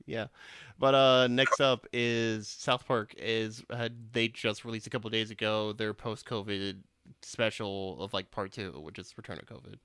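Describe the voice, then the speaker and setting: A man's voice: on the low side, little pitch movement, a little slow, a bit bright, smooth, dry recording. A young man hosting a casual podcast, rambling with lots of swearing and restarts. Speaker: podcast host.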